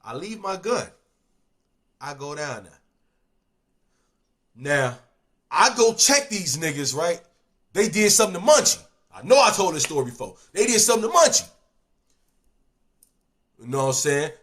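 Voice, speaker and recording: A man with a Chicago accent spins a street story in loose, slangy talk. His voice sits high and swoops up and down with lots of energy, and he keeps checking in with the listener. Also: normal speed, long pauses. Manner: animated, slangy, repeats "you know what I'm saying".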